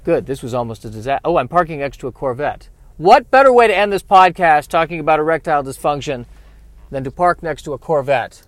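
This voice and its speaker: A man hosting a solo comedy podcast from his car, wry and self-deprecating, breaking into loud exasperated rants. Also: fairly high pitch, big pitch swings, fairly quick, dry recording. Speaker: podcast host. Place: in a car while driving and parking.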